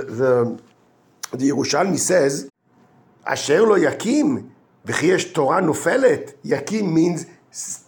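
A man, a yeshiva rabbi, giving an informal weekly Torah lesson, halting and full of restarts, mixing Hebrew terms into his English and answering his own questions. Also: fairly high pitch, gravelly, a little mellow. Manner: halting, with frequent restarts and fillers.

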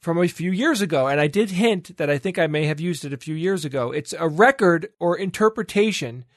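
A man's voice: a little high, expressive, fairly quick, no echo. A man with a slightly raised voice hosts a casual podcast segment, reading listener letters aloud. His tone is playful and he breaks in with laughing asides. The sound is dry and close, with no room around it.

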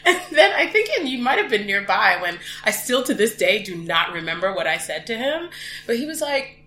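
A woman hosting a podcast, telling fan stories in an animated, laughing way. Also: fairly high pitch, fairly quick. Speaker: podcast host. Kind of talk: excited fan chat. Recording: echoey room with music behind.

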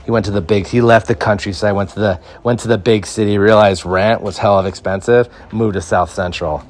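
Deep voiced guy from mexico, podcast host, rambly jokey storyteller. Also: fairly quick. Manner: rambling, joking, animated storytelling. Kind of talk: casual comedy chat.

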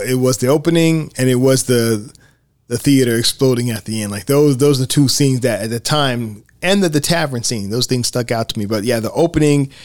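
A man co-hosting a podcast, chatting about films in a relaxed, conversational way and repeating words as he thinks. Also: mid-range voice, dry recording, studio quality. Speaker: podcast co-host. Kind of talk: casual film commentary chat.

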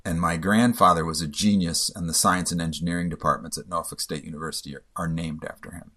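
Man, deep low voice, personal storytelling, halting and emotional, stumbles over words. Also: fairly even intonation, bright, forceful tone.

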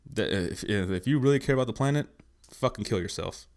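Young guy swearing nonstop on his podcast, kinda low voice, blunt rant. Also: animated, fairly quick. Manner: profane, blunt, ranting. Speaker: podcast host. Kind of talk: casual rant.

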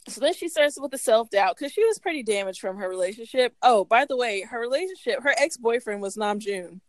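A fairly high-voiced woman chats casually as a podcast co-host, recapping a story and slipping into quoted dialogue. Her voice sounds dry and close, with no room around it. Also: a little fast, dry recording. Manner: animated retelling with acted quotes, laughs often. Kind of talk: casual story review chat.

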